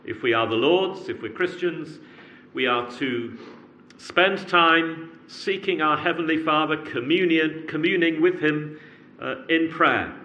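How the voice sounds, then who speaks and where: A man's voice: on the high side, sharp tone. A man preaching an evening sermon in an earnest way, repeating words as he builds emphasis.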